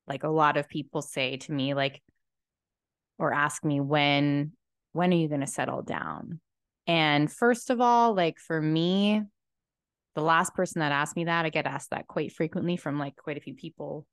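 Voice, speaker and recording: A young woman with a stuffy cold and low energy, talking to camera in a slow, reflective personal monologue with many fillers, seated indoors in a chair. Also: creaky, no room sound, clean studio sound. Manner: slow, slumped, soft-spoken musing with many fillers. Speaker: podcast host and tarot reader.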